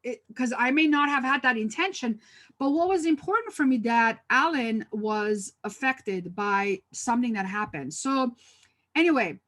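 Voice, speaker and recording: A woman's voice: a little high, animated, moderate pace, fairly bright tone. A woman presenting a live workshop over a video call, talking conversationally with many fillers and restarts, telling stories from her own work.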